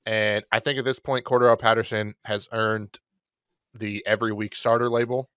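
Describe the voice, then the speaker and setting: Low-voiced man chatting casually. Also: normal speed, clear, resonant tone, no room sound, clean studio sound. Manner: relaxed, rambling, with self-deprecating jokes. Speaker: podcast co-host. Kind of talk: casual fantasy football chat.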